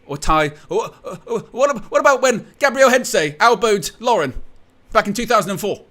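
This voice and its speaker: A man hosting a live fan watchalong stream, gloating and teasing rivals in animated commentary. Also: a little high, normal speed.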